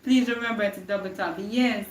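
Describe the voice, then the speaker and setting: A woman's voice: mid-range voice, normal speed, echoey room, far from the mic, poor audio. A young woman with a Jamaican accent giving an earnest inspirational live-stream talk, slipping into patois now and then. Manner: earnest, preachy, slips into patois. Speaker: live-stream motivational speaker.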